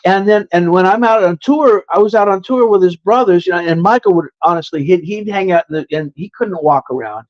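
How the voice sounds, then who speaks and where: A man's voice: high voice, a little fast, hardly any pauses, lo-fi sound. A man in his sixties telling stories from his music career in a casual chat, often repeating and restarting his words. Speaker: guest musician. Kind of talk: casual storytelling.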